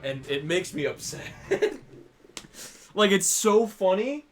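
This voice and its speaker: A man's voice: sits high, big pitch swings, takes it slowly. A man hosting a game stream in casual chat, rambling, laughing often and swearing freely. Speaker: stream host. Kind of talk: casual chat while gaming.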